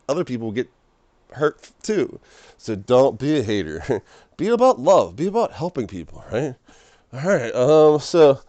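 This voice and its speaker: A man giving a rambling, excitable casual sermon as a streamer, often breaking into laughter. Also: on the high side, no room sound. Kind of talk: casual preaching monologue.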